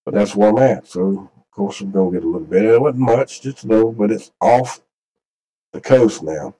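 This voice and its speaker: Rambling man with a dark voice. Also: fairly low pitch, moderate pace, low-quality recording. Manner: rambling, folksy, repeats himself. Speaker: channel host. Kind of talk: casual screen-share commentary.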